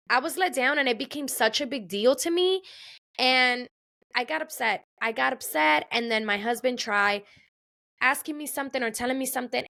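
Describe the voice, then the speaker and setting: A woman's voice: a little high, gravelly, sharp tone. A woman hosting a podcast, telling a personal story in a chatty, casual way and repeating phrases for emphasis. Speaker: podcast host. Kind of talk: casual solo podcast monologue.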